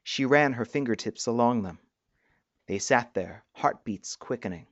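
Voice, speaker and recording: A man narrating a story in an even, measured reading. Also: mid-range voice, no echo, muffled recording.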